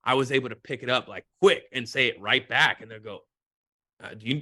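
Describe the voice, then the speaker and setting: A man in his thirties, a former pitcher, chatting casually as a podcast guest and acting out the dialogue in his stories. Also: fast talker, dry recording, studio quality. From Mexico. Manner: animated storyteller, acts out quoted dialogue. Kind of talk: casual chat.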